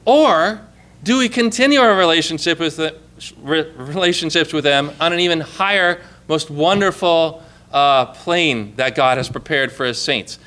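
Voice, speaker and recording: A man's voice: fairly high pitch, normal speed, bright, forceful tone. A man preaching to his congregation in a conversational sermon, asking rhetorical questions and reading scripture aloud. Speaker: pastor.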